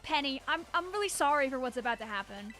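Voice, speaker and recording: A woman streamer chatting casually and excitedly while she plays a game, laughing often. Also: high voice, fast talker, faint music behind. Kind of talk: casual gameplay livestream commentary.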